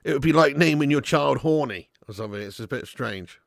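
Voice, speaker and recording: Excitable football watch-along host. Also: male voice, medium pitch, brisk, creaky, no room sound, studio quality. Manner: excitable, shouts at goals, laughs often.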